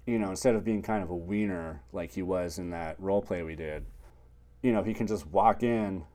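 A man co-hosting a comedy podcast, giving rambling deadpan advice in improvised chat. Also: deep voice, moderate pace.

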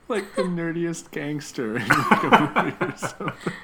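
A man's voice: a little high, sing-song, unhurried, a loud crowd. A man co-hosting a comedy podcast who talks in a hesitant, self-deprecating way. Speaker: podcast co-host and script writer. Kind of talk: casual chat.

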